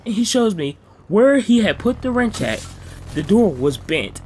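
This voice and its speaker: A man casually telling a personal story to his viewers, full of slang and jumping high in pitch when he gets excited. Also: unhurried, a little hiss or hum. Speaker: storytime vlogger.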